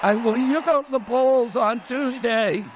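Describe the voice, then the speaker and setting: A man's voice: very high-pitched, a little slow, background noise. A man giving a rally speech built on repeated rhetorical questions. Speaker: speaker at a political rally.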